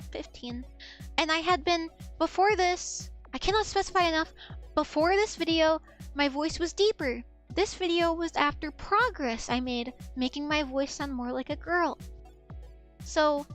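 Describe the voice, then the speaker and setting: A woman VTuber chatting casually on a live stream, rambling and self-mocking, with a soft girlish voice. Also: high voice.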